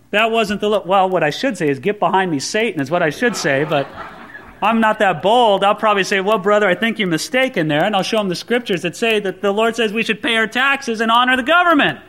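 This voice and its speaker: A male pastor preaching a sermon, telling Bible stories and acting out the people in them. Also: high voice. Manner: animated storytelling preacher, acts out voices.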